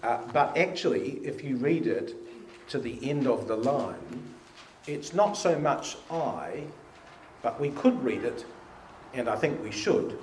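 A man with a medium-pitched, sing-song voice and slow pace leads a church study meeting, reading lines from hymns and psalms aloud with emphasis during informal Bible study talk. The room is echoey, with a faint hiss.

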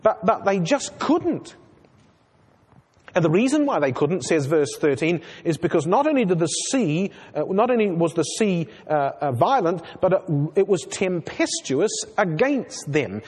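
A man's voice: sits high, sing-song, measured pace, a little mellow, husky. A man preaching an expository sermon, speaking earnestly and asking the congregation rhetorical questions. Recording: long hall reverb.

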